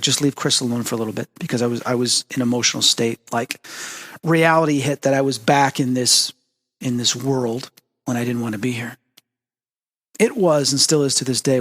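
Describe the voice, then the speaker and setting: Male host, mid pitch, animated storyteller who acts out dialogue; long hall reverb. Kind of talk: storytelling monologue.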